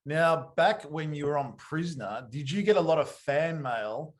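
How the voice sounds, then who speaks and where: A man's voice: a little high, lively intonation, normal speed. A man with an Australian accent hosting an interview, asking questions and giving short reactions. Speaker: podcast host.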